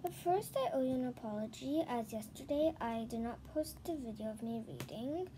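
Woman reading a children's book aloud, expressive, lively pitch, hissy recording. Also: normal speed. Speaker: storybook reader.

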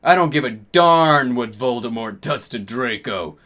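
A man's voice: medium pitch, lively intonation, unhurried, sharp tone. A man voicing a mean old headmaster wizard with snippy, overdone indignation in a comedic reading. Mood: dismissive.

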